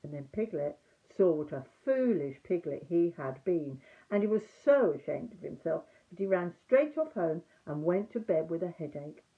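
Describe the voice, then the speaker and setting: An older woman reading a children's story aloud as a grandmother, drawing out words expressively. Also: fairly low pitch. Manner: lively, drawn-out expressive reading. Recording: tinny phone-like sound.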